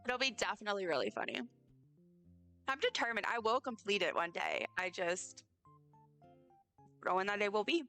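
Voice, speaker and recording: A woman's voice: medium pitch, normal speed, long pauses, pushed and bright, faint music behind. A tired woman live-streaming a game, chatting casually and teasing herself as she rambles along. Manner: chatty, self-deprecating, rambling. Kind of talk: casual chat while playing a game.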